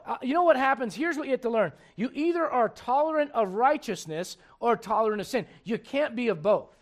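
High-voiced emphatic preacher man. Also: expressive, a little fast. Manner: emphatic, conversational preaching with rhetorical questions. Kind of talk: sermon.

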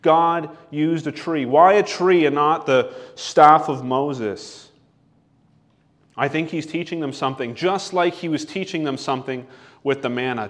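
A man preaching a sermon, reading scripture slowly and deliberately, asking questions and answering them himself. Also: on the high side.

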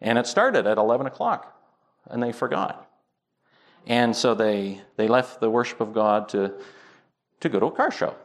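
A man's voice: medium pitch, animated, normal speed, long pauses. A man preaching a sermon as pastor, earnest, building to emphatic points.

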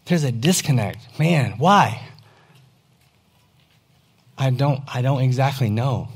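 A man's voice: mid-range voice, expressive, takes it slowly, pauses often, slightly rough. A pastor preaching earnestly to his congregation during a church service, plain-spoken and emphatic. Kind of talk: sermon.

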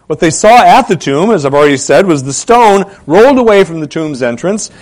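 A high-pitched man preaches a sermon as a pastor, posing rhetorical questions and repeating key phrases for emphasis. His delivery swings back and forth between loud and soft.

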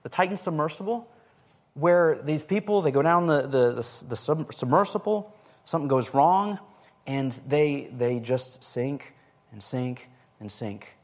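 A man's voice: on the high side, a little slow. A man preaching a conversational sermon, speaking casually with frequent fillers and restarts.

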